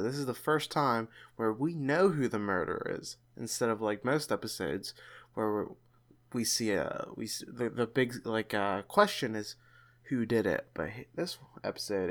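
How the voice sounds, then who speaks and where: A man's voice: lowish voice, normal speed. A man hosting a podcast, chatting casually and often restarting his sentences. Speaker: podcast host.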